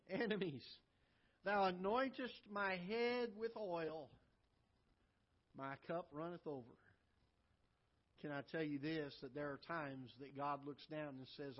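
A man preaching a sermon as pastor, swinging from loud emphatic lines to soft low asides. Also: muffled recording. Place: church auditorium.

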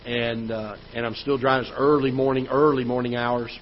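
A male pastor delivers a sermon as a personal story, talking in a plain, conversational way that grows loud at the frustrating moments. His voice sits in an ordinary middle pitch. The church livestream audio is a little dull, with a faint hiss underneath. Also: flat delivery, moderate pace. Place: church auditorium.

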